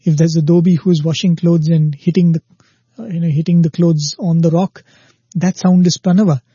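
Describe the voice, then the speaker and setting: A man giving a spiritual discourse, unhurried, telling a parable and acting out the quoted lines. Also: fairly high pitch, fairly even intonation, mellow, husky, no echo. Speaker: spiritual speaker. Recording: dull lo-fi dry recording.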